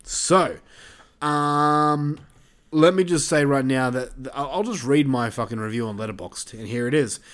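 A man's voice: mid-range voice, a little slow, a bit bright. A man chatting casually as a podcast co-host reviewing films, loose and sweary, laughing often. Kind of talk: casual chat.

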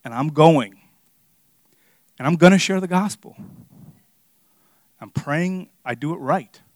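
A young man preaches a sermon as an earnest, casual story, leaning on plenty of fillers. His voice sits a little high for a man. The sound is dry and close, with no room echo. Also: slow pace. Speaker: pastor teaching a Bible study.

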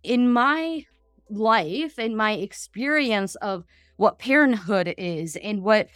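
A woman's voice: medium pitch, smooth, no room sound, studio quality. A woman in her thirties, a gut health practitioner hosting a podcast, talking animatedly with lots of fillers and asides. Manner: animated, talks fast with many fillers and asides. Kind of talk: casual podcast conversation.

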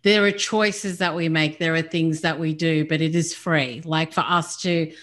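A woman's voice: low voice, steady tone, a little slow, a bit bright. A woman hosting a casual podcast interview, enthusiastic, filling her speech with "like". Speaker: podcast host.

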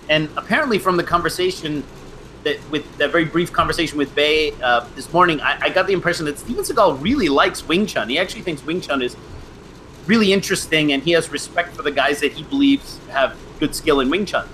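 Middle-aged male host, rambling storyteller, bright and a touch high. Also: quick pace, a little hiss or hum, low-quality recording. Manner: rambling, with frequent restarts and laughs. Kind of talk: casual storytelling chat.

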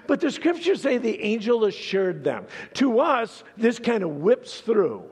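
A man's voice: high-pitched, huge pitch swings, a little slow, hardly any pauses, husky, long reverb tail. A male pastor preaching a sermon dramatically, asking questions and dropping to near-whispers before building up again.

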